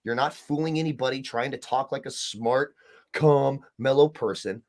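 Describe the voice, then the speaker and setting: A man's voice: mid-range voice, moderate pace, a little mellow. A man co-hosting a sports podcast, talking casually and ranting with heavy swearing. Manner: profane, ranting. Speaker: podcast co-host.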